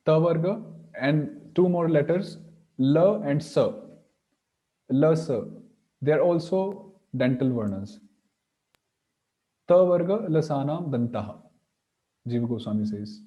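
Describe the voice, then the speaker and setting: Guy teaching a class real slow, kinda high voice, soft mellow tone, says every sound out loud. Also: lively intonation, highs cut off. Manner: slow, patient, demonstrating sounds aloud. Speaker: Sanskrit grammar teacher. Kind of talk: online class explanation.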